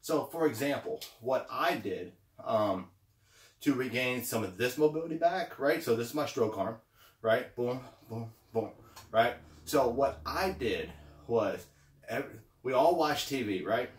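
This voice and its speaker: A man's voice: mid-range voice, animated, a little slow, far from the mic. A slightly winded man giving a casual, encouraging pep talk, often repeating himself and checking in with "okay" and "right". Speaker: motivational vlogger. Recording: roomy sound, away from the mic.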